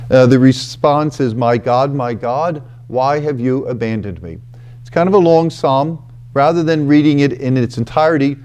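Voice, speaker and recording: A male priest giving a reflective scripture talk, explaining in an unhurried way and reading scripture slowly and solemnly. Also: mid-range voice, warm tone. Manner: frequent fillers and restarts, unhurried explanatory delivery.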